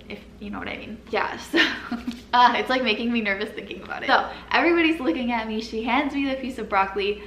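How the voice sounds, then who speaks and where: A young woman tells a personal story straight to camera, chatty and loose, with "like" in nearly every line. Her voice sits a little high, and she breaks into nervous laughs as she goes. The room adds a clear echo, with a faint hiss underneath. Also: a bit bright. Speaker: vlogger. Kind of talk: casual storytime. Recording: echoey room with faint noise.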